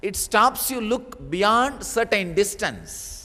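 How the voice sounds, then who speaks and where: A man's voice: sits high, sing-song, takes it slowly, sharp tone. A man giving a spiritual discourse as a teacher, telling a story with sudden bursts of emphasis. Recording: long reverb of a large hall.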